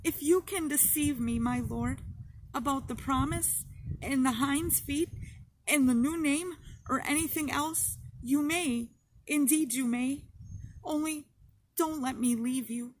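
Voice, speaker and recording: A woman's voice: slow, a little hiss or hum, rough recording. Woman voicing a terrified young woman pilgrim, pleading. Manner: high sobbing pleas.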